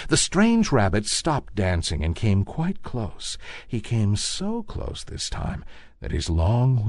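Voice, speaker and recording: Man reading a storybook with very expressive pitch. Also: no room sound, clean studio sound. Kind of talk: storybook read-aloud.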